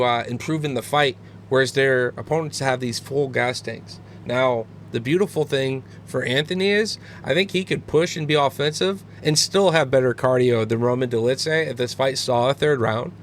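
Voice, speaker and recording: Man, mid-pitched voice, energetic, profane, analytical fight breakdown. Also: a little hiss or hum. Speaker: podcast co-host.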